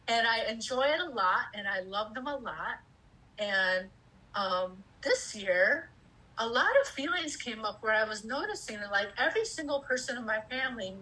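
A woman's voice: on the high side, pushed and bright, rough recording. A woman in her fifties telling a candid personal story, acting out her own inner voices and swearing casually. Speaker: speaker sharing personal experience.

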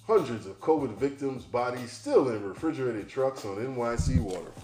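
A man's voice: mid-range voice, lively intonation, fairly quick, background noise. A man hosting a podcast, reading news headlines aloud and ranting about them in a blunt, profane, sardonic way. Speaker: podcast host. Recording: roomy echo, faint music.

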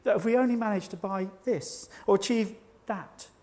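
High-voiced man preaching a sermon. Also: darkish tone. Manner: measured, reflective, slows for emphasis.

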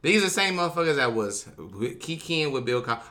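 A man's voice: a little high, very animated, a little fast, sharp tone. A man co-hosting a casual chat, profane, rambling and argumentative. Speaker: podcast co-host.

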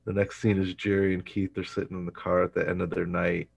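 In a dry recording, a podcast host with a low, gravelly, husky voice races through a sitcom recap. He's animated, laughs a lot, uses plenty of fillers, and acts out the lines as he goes.

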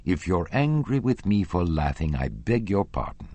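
Kindly old lady, chatty, easily laughing; voiced by a male audiobook reader, lively in pitch. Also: normal speed, dry recording. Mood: coaxing. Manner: chatty, laughing, then indignant. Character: kindly white-haired old lady, happy and candid.

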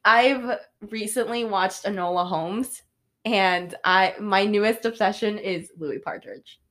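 A woman's voice: medium pitch, takes it slowly, fairly bright tone. A young adult woman co-hosting a podcast, chatting in a giggly, rambling way. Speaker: podcast co-host. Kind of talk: casual chat.

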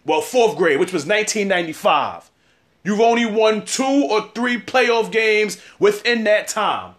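A man's voice: high-pitched, a little slow, a bit bright. A man in his thirties giving a casual sports opinion segment, trash-talking rival fans with lots of repetition. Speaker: sports commentator.

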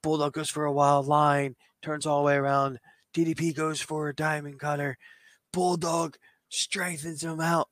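A podcast host retelling a fantasy wrestling show play by play, in an animated way. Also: male voice, on the high side, normal speed, no room sound.

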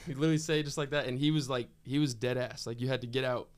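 A man's voice: medium pitch, fairly even intonation, very fast. Joking young man on a podcast. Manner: joking, laid-back. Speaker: podcast co-host. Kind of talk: casual podcast chat. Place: podcast studio.

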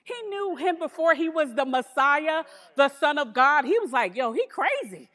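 A woman preaching a sermon in a church, lively and humorous, with emphatic asides. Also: sits high, moderate pace, big-room sound.

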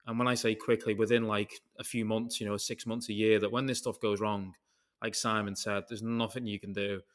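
A man's voice: on the low side, little pitch movement, a little fast. Rambling British man, casual swearing. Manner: rambling storyteller, swears casually, jumps between tangents. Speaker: podcast host. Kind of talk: casual chat.

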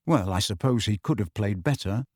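A man's voice: medium pitch, very animated, moderate pace, no echo, clean studio sound. A man voicing a tired, loyal teenage boy who mutters in a subdued way.

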